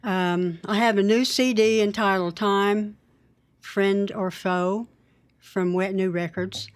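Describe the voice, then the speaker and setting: Casting: interview guest woman, slow and clear, smooth voice. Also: medium pitch, steady tone. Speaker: guest musician. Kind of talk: interview answers.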